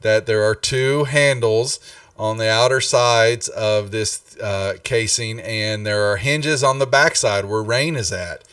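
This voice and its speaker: Relaxed man running a tabletop game. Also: on the low side, slow pace, clear, resonant tone, no echo, distant mic. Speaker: dungeon master. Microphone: streaming microphone.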